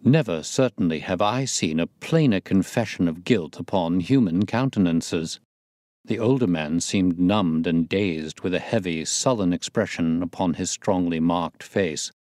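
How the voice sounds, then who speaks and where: Man, storybook narration, low voice, dry close sound, measured. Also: a little mellow, no echo. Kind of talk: scripted narration.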